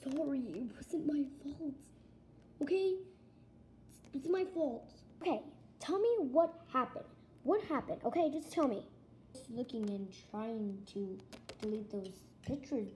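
A woman's voice: on the high side, normal speed, mellow, a little hiss or hum, lightly acted. A female performer playing a worried pet father who pleads with his child, in a toy-pet home video role-play. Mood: pleading. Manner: pleading, soothing.

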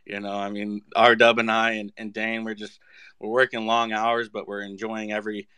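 A man with a smooth, low voice talks casually on an online audio call. He repeats words and lets sentences trail off. The recording is dry, with no room sound. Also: completely flat delivery, normal speed, sharp tone, no echo.

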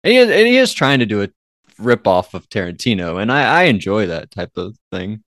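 Man, co-host, low voice, very lively pitch, dry close sound, rambling. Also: a little fast, no echo. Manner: playful, rambling. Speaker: podcast co-host. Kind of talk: casual podcast chat.

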